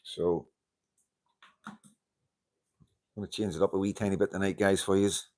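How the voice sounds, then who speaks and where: This male host's voice sits low and sounds a little mellow, with fairly even intonation and an unhurried pace. Holding a wireless handheld mic, he runs a laid-back live-stream chat, welcoming viewers, laughing a lot and cursing casually.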